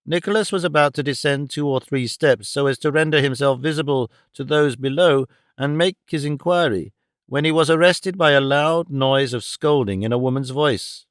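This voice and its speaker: A man narrating a classic novel in a measured, expressive way. His voice sits a touch high and sounds smooth and resonant. The recording is dry and close, as from a studio. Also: dry recording. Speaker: audiobook narrator. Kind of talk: scripted narration.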